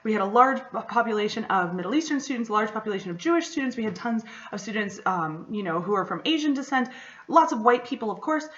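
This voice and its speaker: A woman's voice: a little high, animated, fast talker, fairly bright tone, muffled recording. Chatty young woman. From Michigan, USA. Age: 20s. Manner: chatty storyteller, lots of "like" and "you know". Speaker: podcast host. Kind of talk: casual solo podcast chat.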